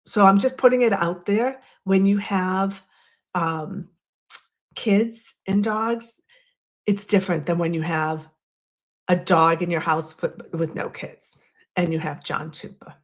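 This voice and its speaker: A woman's voice: on the low side, takes it slowly. A woman in her fifties hosting a live stream, chatting casually and rambling while she talks to her viewers.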